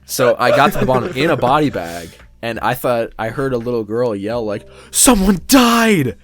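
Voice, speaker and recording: A young man co-hosting a podcast, telling a story in casual chat, animated and swearing freely as he acts out what people said. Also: mid-range voice, brisk, faint music behind. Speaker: podcast co-host.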